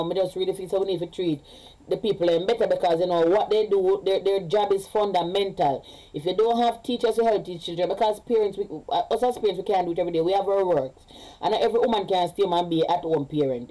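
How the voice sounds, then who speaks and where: A woman's voice: medium pitch, dark tone, rough recording. A Jamaican woman, a parent, talking casually in a vlog. She rambles, repeats herself and slips between English and patois. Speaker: vlogger.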